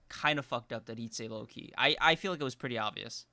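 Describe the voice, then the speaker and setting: Young guy podcast cohost, bright punchy voice, rambly stories, dry mic. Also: mid-range voice, fast, gravelly, no echo. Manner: rambling, animated storytelling with many fillers. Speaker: podcast co-host. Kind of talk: casual live-stream chat.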